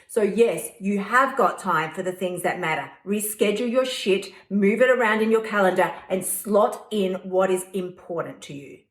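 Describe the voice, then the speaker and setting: A woman hosting a weight-loss coaching podcast, blunt, profane and fired-up. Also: medium pitch. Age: 50s. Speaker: host. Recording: roomy echo.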